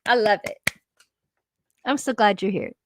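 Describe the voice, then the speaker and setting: Woman host at home, chatty livestream talk, reads out comments, dry sound, mid pitch. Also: a little slow, dry recording. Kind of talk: casual livestream chat. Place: her home.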